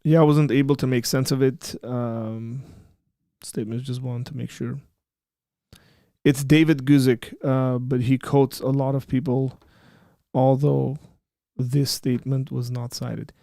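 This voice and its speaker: A man's voice: mid-range voice, level tone, a little slow, vocal fry, warm tone, no room sound, clean studio sound. A man hosting a discussion show, explaining patiently and turning blunt and emphatic when he rebuts an argument. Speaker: apologetics show host. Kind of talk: livestream discussion.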